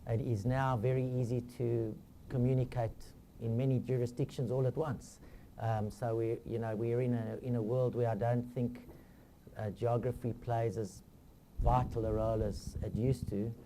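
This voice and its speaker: A man's voice: medium pitch, flat delivery, normal speed, mellow, slight background noise. A man chairing a company meeting, giving formal remarks in a genial, joking way.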